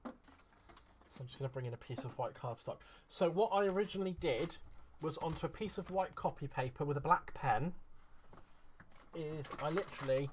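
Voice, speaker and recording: A man's voice: a little high, moderate pace, long pauses, slight background noise. Gushing man showing crafts. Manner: gushing, effusive. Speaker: craft vlogger. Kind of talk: casual craft unboxing chat.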